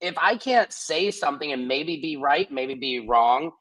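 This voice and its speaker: A man's voice: on the high side, expressive, a little slow, bright, forceful tone, rough recording. A man co-hosting a podcast in casual chat, teasing and upbeat. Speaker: podcast co-host.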